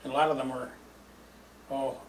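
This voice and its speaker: An older man shares youthful memories in a medium-pitched voice with little pitch movement, speaking at a moderate pace. His storytelling is rambling and chuckly, heavy on fillers, like reminiscing oral history. The recording is roomy and distant, with faint ambience and a bit of hiss or hum.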